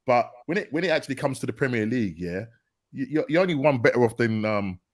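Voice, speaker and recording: A man's voice: medium pitch, expressive, fast. Teasing man hosting a football podcast. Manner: teasing, repeats himself to hold the floor. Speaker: podcast host. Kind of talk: casual football chat.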